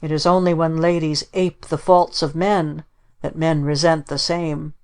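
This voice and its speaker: A woman reading the part of a teasing, blustery gentleman uncle in a storybook, asking sharp mocking questions. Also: deep voice, little pitch movement, measured pace, smooth. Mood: grand.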